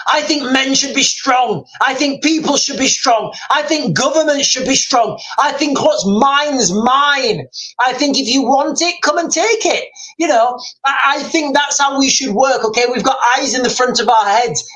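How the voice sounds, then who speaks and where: A man's voice: very high voice, bright, forceful tone, rough recording. A man hosting a livestream, ranting and rambling with emphatic repetition. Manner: rambling, fast and emphatic, repeating himself. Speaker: livestream host.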